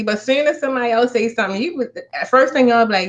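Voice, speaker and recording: A woman co-hosts a casual podcast, talking bluntly and with lots of slang. Her voice sits a little high, and the sound is somewhat dull and lo-fi. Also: fast talker, hardly any pauses. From New York. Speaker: podcast co-host. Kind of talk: casual chat.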